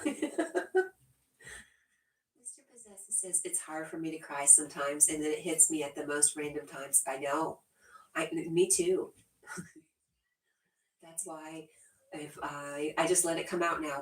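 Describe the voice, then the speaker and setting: Low-voiced giggly woman in an echoey room. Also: fairly bright tone. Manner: giggly, laughs often between remarks. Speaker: livestream host. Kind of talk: casual livestream chat, reading viewer comments aloud. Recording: roomy echo, distant from the mic.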